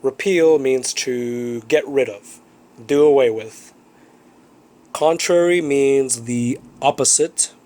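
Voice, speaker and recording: A man's voice: mid-range voice, slow, darkish tone. A male teacher giving a recorded vocabulary review lesson, explaining words plainly and often checking in with students.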